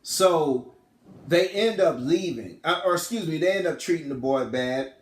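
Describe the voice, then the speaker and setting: A man's voice: a little high, animated, moderate pace, roomy sound. A man casually retelling a film's plot in a rambling, slangy way, often correcting himself. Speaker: film reviewer.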